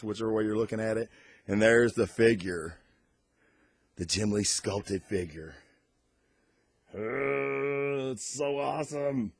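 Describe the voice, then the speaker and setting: This man's casual comic unboxing and review vlog is recorded with studio quality and no echo. His mid-range voice is excitable and loose, and he curses freely.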